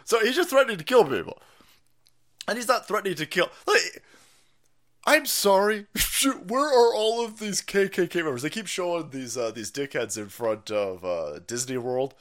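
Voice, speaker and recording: A man's voice: high voice, moderate pace. A man hosting a livestream, ranting with profanity and mockery. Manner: profane, mocking, animated. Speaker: stream host. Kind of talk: livestream rant commentary.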